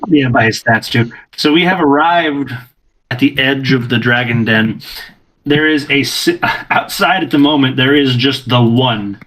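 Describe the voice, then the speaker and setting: Male game master, bright tone, loose rambling narration. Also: mid-range voice, measured pace, poor audio. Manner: laughing often, rambling.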